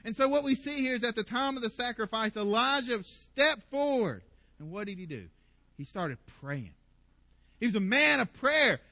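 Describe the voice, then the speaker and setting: A man preaching a sermon as pastor, animated and playful, acting out the people in the story with sarcasm. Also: very high voice, moderate pace, no room sound.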